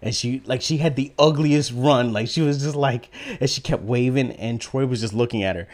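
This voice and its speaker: A man co-hosting a podcast in casual chat, animated and emphatic, with slangy talk and frequent laughter. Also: medium pitch, moderate pace. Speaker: podcast co-host.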